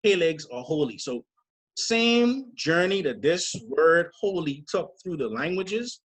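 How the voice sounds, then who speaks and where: A middle-aged man leading a scriptural study, deliberate and emphatic, spelling out word origins. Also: fairly high pitch, lively intonation, fairly bright tone, breathy edge. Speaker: church teacher.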